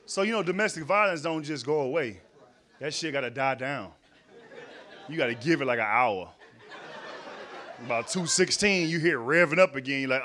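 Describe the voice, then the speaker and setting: A man doing a stand-up comedy set in a club, telling a story in an animated, slangy way and acting out voices. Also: a little high, fairly quick, pauses often. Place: comedy club stage before a live audience.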